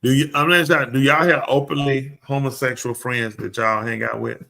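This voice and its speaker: Male live-show podcast host with a bright, forward voice at an ordinary pitch, blunt and opinionated, talking straight at the room. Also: fairly even intonation, a little fast, vocal fry. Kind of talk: casual chat.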